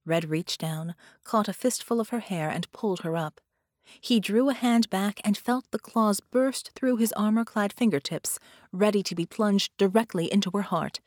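A woman narrating a dramatic superhero audiobook in a measured, storytelling manner. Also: mid-range voice, darkish tone, no room sound, clean studio sound.

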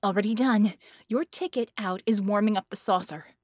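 A woman voicing a hoarse female coordinator in an audiobook who gives brisk, barked orders. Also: mid-range voice, a little mellow, no room sound, clean studio sound, close to an everyday voice. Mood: urgent.

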